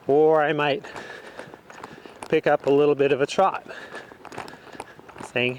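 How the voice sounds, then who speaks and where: A man training a horse outdoors, talking the viewer through each step in a relaxed, casual way. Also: medium pitch, slow pace, long pauses, slight background noise. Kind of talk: casual instruction while working a horse.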